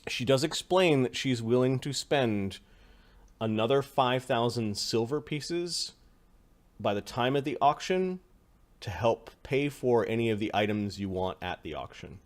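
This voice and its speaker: A man running a tabletop game as game master, explaining the story at a relaxed pace with many pauses and fillers. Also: mid-range voice.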